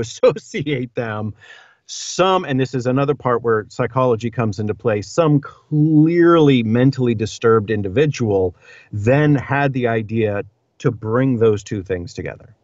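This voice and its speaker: A man's voice: mid-range voice, measured pace, darkish tone, no echo. A man, an audiobook narrator guest on a podcast, talking in a thoughtful, good-humored way and playing along with the jokes. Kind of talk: casual conversation. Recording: dry, slightly muffled remote audio.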